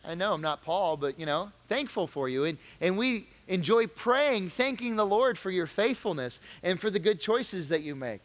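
Man, youth pastor, Bible lesson, conversational, emphatic questions, slightly high voice, long hall reverb. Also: sing-song, normal speed, hardly any pauses, fairly bright tone.

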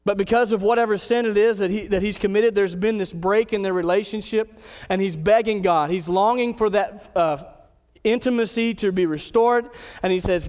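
A man preaching a sermon as pastor, earnest, slowing down to read scripture aloud. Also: high-pitched, darkish tone, long reverb tail.

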